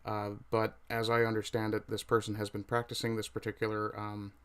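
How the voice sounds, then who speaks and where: A man hosting a casual livestream, talking with frequent fillers and pauses, with a mic right under his chin. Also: on the low side, completely flat delivery, fairly bright tone, clean tone. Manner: hesitant, many fillers, reads chat aloud. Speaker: livestream host.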